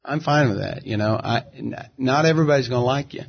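A man's voice: medium pitch, creaky, husky. A middle-aged man, a gospel singer as interview guest, telling stories in an easygoing, reflective way. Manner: easygoing, reflective, drawn-out storyteller. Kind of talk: relaxed conversational storytelling. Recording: dull, muffled audio.

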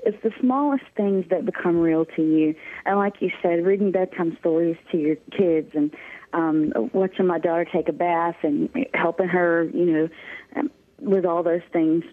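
A woman's voice: lowish voice, fairly even intonation. Woman on a tinny phone line. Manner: halting, with frequent pauses and restarts. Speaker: guest. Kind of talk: emotional personal testimony.

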